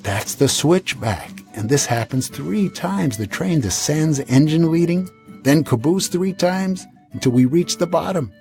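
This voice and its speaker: A man's voice: on the high side, expressive, measured pace, gravelly, a little mellow, soft background music. Older man telling a wry travel story. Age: 70s. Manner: wry, dry humorous asides. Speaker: podcast host.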